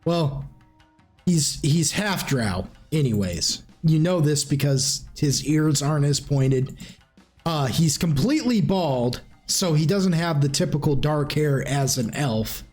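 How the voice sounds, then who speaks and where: A man's voice: fairly high pitch, animated, slow pace, darkish tone, faint music behind. A man running a tabletop game as game master, narrating in a rambling, informal way with restarts. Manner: rambling, informal, frequent restarts and clearing throat.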